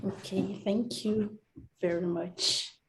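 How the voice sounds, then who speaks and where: A woman's voice: medium pitch, steady tone, takes it slowly, slight background noise. Woman chairing an online session, polite, takes her time. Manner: polite, thanking. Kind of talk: online workshop hosting.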